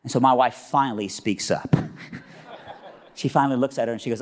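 A man preaching as a guest speaker, telling a story in an animated, humorous way. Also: medium pitch, brisk. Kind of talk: sermon storytelling. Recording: long reverb of a big hall.

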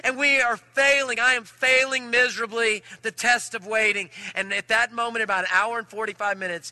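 A male pastor with a very high, sharply bright voice tells a story from the pulpit. He is animated, moving between loud and hushed delivery. The sound is dry and close. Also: moderate pace, few pauses, dry recording. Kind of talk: sermon with personal story.

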